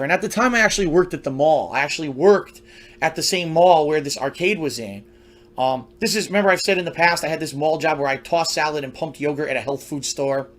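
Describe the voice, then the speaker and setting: A high-voiced man tells a story from his past in a loose, rambling monologue. He talks conversationally, circling back with restarts and side remarks as he goes. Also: a bit bright. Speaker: storyteller recounting his youth.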